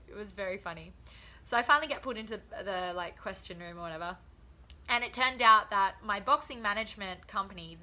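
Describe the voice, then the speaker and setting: A woman's voice: mid-range voice, sharp tone. A young woman telling funny stories in a casual vlog, laughing often and acting out quotes. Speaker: vlogger, professional boxer.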